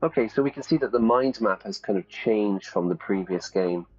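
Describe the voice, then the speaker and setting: Lively male English teacher. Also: on the low side, moderate pace. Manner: lively, explains aloud, thinks out loud. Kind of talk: live-stream lesson while playing a game. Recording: slightly dull, faint music.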